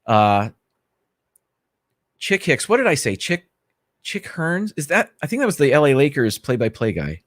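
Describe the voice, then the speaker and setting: A man's voice: on the high side, wildly swooping pitch, normal speed, long pauses, no echo. Chatty male livestream host, dry sound. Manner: chatty, rambling, greets viewers by name; easygoing, self-correcting asides. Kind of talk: casual livestream chat. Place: small home studio.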